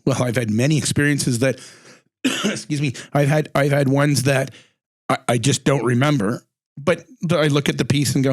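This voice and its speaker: Middle-aged male host, chatty storyteller, mid pitch, dry sound. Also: a little fast, dry recording. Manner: chatty storyteller, acts out quotes with big pitch jumps. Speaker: podcast host. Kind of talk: casual chat.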